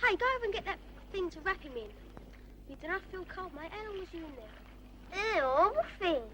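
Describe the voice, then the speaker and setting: A woman voicing a British child with an English accent, shouting urgently from a distance. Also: very high-pitched, animated, fairly quick. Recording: distant, noisy old film audio.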